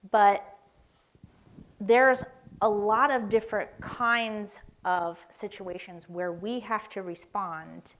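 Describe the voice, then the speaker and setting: Woman from Tennessee, seminar speaker in a church hall; conversational, tells stories, keeps asking "right?". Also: lowish voice. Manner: conversational, storytelling, often asks "right?".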